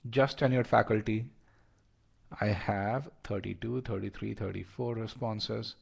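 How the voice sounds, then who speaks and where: A man's voice: on the low side, unhurried, vocal fry, slightly rough. A man leading a live online class, talking through reasoning step by step with lots of restarts and fillers and polling his students. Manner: animated, frequent restarts and fillers. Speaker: test prep instructor.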